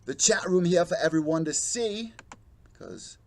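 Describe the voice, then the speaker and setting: A man's voice: fairly high pitch, big pitch swings, measured pace, gravelly, a little mellow. A young adult man hosting a live MMA show, ranting bluntly and profanely and mocking the fighters he quotes. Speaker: podcast host. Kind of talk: live-streamed MMA commentary rant.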